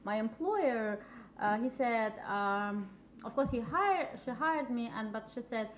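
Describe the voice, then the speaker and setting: A woman in her thirties whose first language is not English, speaking halting, broken English with a heavy accent in a casual chat. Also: fairly high pitch, expressive. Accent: heavy foreign accent. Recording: dull lo-fi recording, faint noise.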